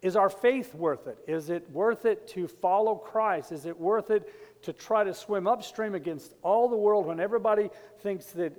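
Rambling pastor in a reverberant hall. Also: male voice, sits high, moderate pace, a little mellow. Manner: conversational, rambling with asides and restarts. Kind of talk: sermon.

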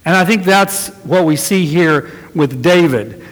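Folksy middle-aged preacher in a reverberant hall. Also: male voice, on the high side, a little slow. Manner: folksy storytelling, chuckling, acts out quotes. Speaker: pastor. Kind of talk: sermon with anecdotes.

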